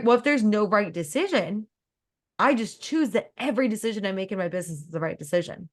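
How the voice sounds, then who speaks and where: A woman business coach on a coaching call, talking fast and emphatically and acting out her own thoughts in lively bursts. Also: mid-range voice.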